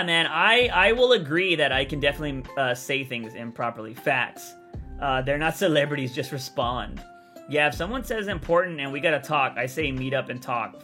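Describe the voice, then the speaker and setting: Blunt swearing man with bright hoarse voice. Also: medium pitch. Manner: blunt, swears freely, rambling. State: voice feels raspy. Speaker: content creator streamer. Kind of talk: casual livestream chat answering viewers.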